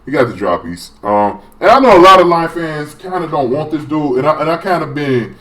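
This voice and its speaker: A man giving a casual, profane sports rant as a fan vlogger, rambling and excitable with many restarts. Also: on the high side, brisk.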